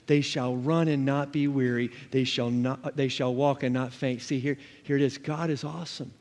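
A man's voice: medium pitch, flat delivery, normal speed, darkish tone, in a large hall. A man preaching a sermon as a pastor, emphatic, with repeated refrains and scripture read aloud.

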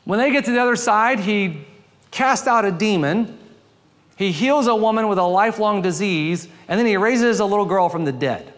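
A man preaches a sermon from the pulpit with a fairly high voice. He rises for emphasis and drops low and quiet for quoted lines. A long reverb trails off each phrase, as in a large hall. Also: animated, normal speed. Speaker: pastor.

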